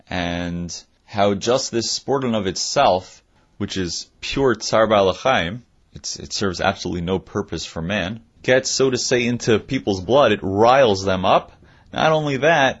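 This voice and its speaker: Male teacher, husky voice, alternates reading a text with casual explanation, muffled lo-fi recording. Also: lowish voice. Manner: reads passages then explains them in a plain conversational aside. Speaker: Torah teacher.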